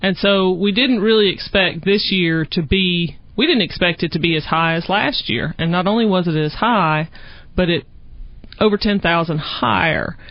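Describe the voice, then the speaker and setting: A woman from Georgia with a Southern accent, a wildlife biologist talking lively in a radio interview. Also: lowish voice, moderate pace, dry recording. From Georgia, USA. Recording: dull dry studio sound.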